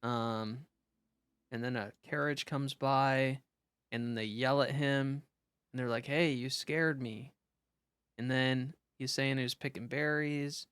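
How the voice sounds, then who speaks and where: A man's voice: mid-range voice, steady tone, unhurried, a bit bright, smooth, no echo. Young guy, live streamer; loose, filler-heavy chat, middle voice, dry close mic. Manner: casual, rambling, frequent fillers and restarts. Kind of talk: live game stream commentary.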